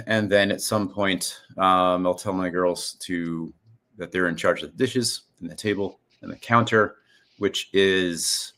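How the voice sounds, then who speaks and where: A man's voice: low voice, fairly bright tone. A man in his forties co-hosting a casual video-call chat, rambling and restarting his sentences. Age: 40s. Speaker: podcast co-host.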